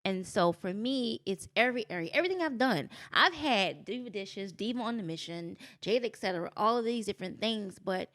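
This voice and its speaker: A middle-aged woman, a podcast guest, telling personal stories in an animated, expressive way, acting out quotes and speaking with faith. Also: mid-range voice, brisk, few pauses. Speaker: guest, business owner.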